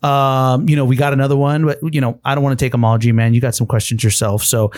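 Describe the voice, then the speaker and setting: A man's voice: mid-range voice, level tone, quick pace, darkish tone, no echo. A man co-hosting a podcast, chatting casually and animatedly, acting out quoted voices. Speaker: podcast co-host.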